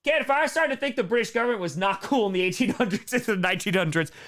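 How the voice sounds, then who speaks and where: Animated, jokey male history teacher. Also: high voice. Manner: animated and jokey, with sarcastic asides and quick mock dialogue. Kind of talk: live-streamed history lesson with chat Q&A.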